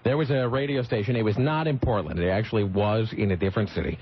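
On a slightly muffled radio broadcast with faint noise, a fast-talking man with a lower voice hosts a morning show from the studio. He banters and tells stories in a rambling way, constantly interrupting and correcting himself.

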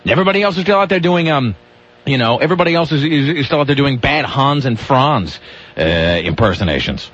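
A man's voice: mid-range voice, expressive, fairly quick, a bit bright, breathy edge. A man hosting a radio show, talking in a rambling way with restarts and grumpy rants. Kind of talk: casual radio banter. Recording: dull lo-fi radio broadcast.

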